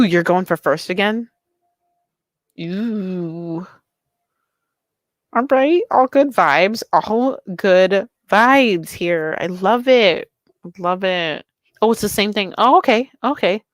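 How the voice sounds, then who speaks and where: A woman's voice: medium pitch, slow, pauses often, dry recording. Bubbly woman streamer, dry close sound. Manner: bubbly, excitable, reads chat aloud. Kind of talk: casual live-stream chat with viewers.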